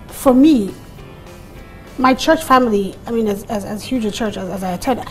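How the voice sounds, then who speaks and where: A woman in her thirties, a comedian guest chatting and telling stories in an animated way, full of fillers. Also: fairly high pitch, normal speed, soft background music. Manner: animated, storytelling, many fillers. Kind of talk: casual chat.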